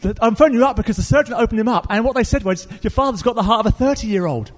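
A preacher voicing a desperate woman crying down the phone, high and strained. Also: racing. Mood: tearful. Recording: reverberant hall.

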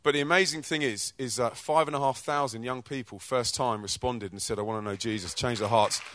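Man, chatty testimony talk, slangy and energetic, mid-pitched, dry close sound. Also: no room sound. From England. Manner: energetic, chatty storytelling with slang and quick restarts. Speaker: Christian rapper and charity co-director. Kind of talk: informal testimony talk to a church audience.

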